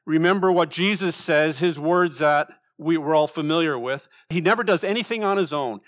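A male pastor delivering a sermon in a casual, talk-it-through manner, putting questions straight to his congregation. His voice sits fairly high for a man. The sound is dry and close, with little room echo. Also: fairly bright tone. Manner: conversational, asks the congregation direct questions.

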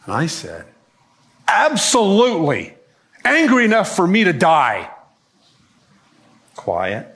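Brief: male preacher as a bitter, self-pitying prophet, slow and dramatic, very expressive pitch. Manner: dramatic, swinging from hushed pleading to shouting. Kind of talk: first-person dramatic monologue.

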